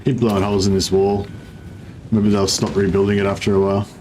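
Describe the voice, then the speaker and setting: A man's voice: lowish voice, flat delivery, fast, darkish tone, slight background noise. A man streaming a strategy game, chatting in a rambling way and greeting viewers. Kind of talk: casual livestream commentary.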